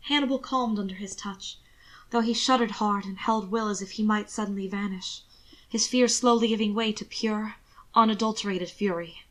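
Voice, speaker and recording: Woman, fan fiction narrator, measured, expressive, mid pitch. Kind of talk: reading fan fiction aloud.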